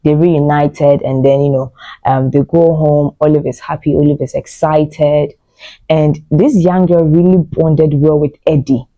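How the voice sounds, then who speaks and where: A woman's voice: deep voice, little pitch movement, unhurried, warm tone, dry recording, highs cut off. A woman giving a casual movie review, retelling scenes emotionally with lots of fillers.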